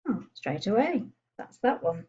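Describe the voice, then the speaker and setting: Woman, software tutorial, husky mellow voice, muffled recording. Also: mid-range voice, big pitch swings, a little slow. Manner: chatty, thinking aloud while clicking through menus. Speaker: computer skills tutor.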